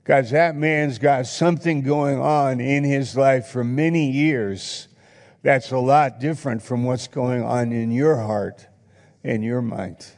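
Slow gravelly guy preaching a sermon, earnest, long echo in a church hall. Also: mid-range voice, a little mellow. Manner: earnest, reflective, reads scripture aloud. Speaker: pastor.

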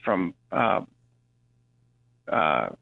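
A male caller asking a radio show for prayer, speaking haltingly with many hesitations. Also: low voice, very animated, vocal fry. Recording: muffled phone line.

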